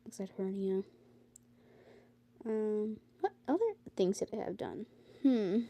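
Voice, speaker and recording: Tired teenage girl, dark soft voice. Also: medium pitch, very animated, slow. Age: teens. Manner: rambling, with many fillers and exasperated rants. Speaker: vlogger. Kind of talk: casual talk to camera. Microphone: phone.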